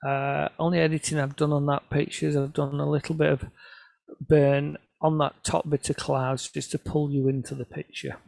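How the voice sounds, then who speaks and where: Middle-aged man, gravelly storyteller, lightly raised pitch, dry recording. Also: a little mellow, no echo. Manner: storytelling, self-deprecating, quoting others in voices. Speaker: photographer presenting his work. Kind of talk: casual anecdotal talk to an audience.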